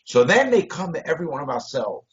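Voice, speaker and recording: A man telling a story on a video call, blunt and profane, shifting between loud bursts and low mutters. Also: sing-song, fast talker. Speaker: interview guest. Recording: dull lo-fi video call audio.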